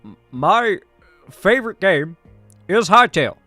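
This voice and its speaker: A man doing an impression of a male statesman, speaking in a slow, deliberate cadence with pauses. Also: high voice, very animated, bright, forceful tone, no echo, soft background music, pitched above the performer's own voice, full character voice. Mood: measured. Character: male statesman giving a measured address.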